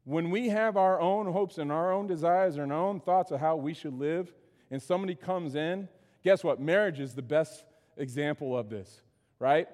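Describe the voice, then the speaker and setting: Male pastor, higher-pitched voice, chatty sermon delivery, big echoing sanctuary. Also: moderate pace, darkish tone. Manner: conversational preaching, frequent "right?" asides.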